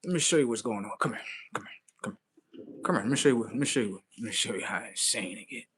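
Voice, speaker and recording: A man ranting on a live stream in a slangy, swearing, animated way. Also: on the low side, racing, a little hiss or hum. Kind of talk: profane live-stream rant.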